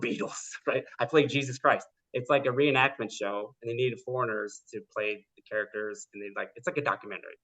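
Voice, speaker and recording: A man telling his story as a podcast guest, lively and full of "like" fillers, acting out the people he quotes. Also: fairly low pitch. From United States. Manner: animated, acts out quoted people, many "like" fillers. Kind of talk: casual storytelling interview. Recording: dull lo-fi podcast audio.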